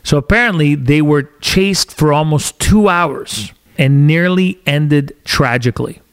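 A man's voice: a little high, unhurried, clean tone. Agitated male podcast host ranting. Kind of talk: opinionated podcast monologue. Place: studio.

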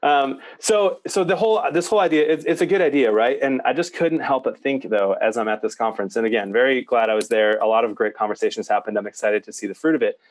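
A young man co-hosting a podcast, telling stories about ministry in casual, animated chat. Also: mid-range voice, fast, few pauses. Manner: storytelling, animated. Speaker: podcast co-host, youth minister.

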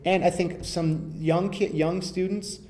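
A man's voice: sits high, steady tone, unhurried, darkish tone. A man, a rapper, talking casually in an interview, rambling and restarting often with enthusiasm.

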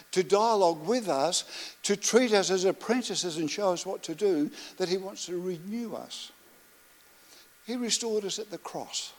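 A middle-aged man preaching a sermon as pastor, building rhythmic lists and telling stories in a gentle, reflective way. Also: a little high. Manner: storytelling, rhythmic lists, soft reflective asides.

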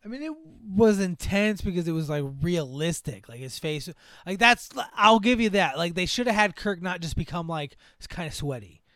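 A young man co-hosting a casual movie chat, animated and mocking, laughing often as he acts out scenes. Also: high-pitched, moderate pace, no room sound, studio quality. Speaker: podcast co-host.

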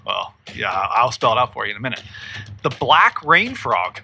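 A man's voice: mid-range voice, big pitch swings, moderate pace, vocal fry, bright, forceful tone, a little hiss or hum. A man co-hosting a casual podcast who laughs often and reads aloud eagerly. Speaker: podcast co-host.

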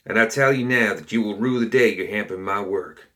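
A man putting on a pompous, cowardly gentleman explorer. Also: brisk. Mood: haughty. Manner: haughty, turning shrill and pleading.

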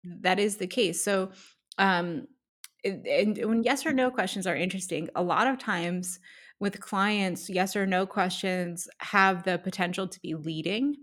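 A woman coach co-hosting a podcast, explaining her craft in a casual, animated way with frequent laughs and everyday examples. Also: mid-range voice, unhurried. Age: adult.

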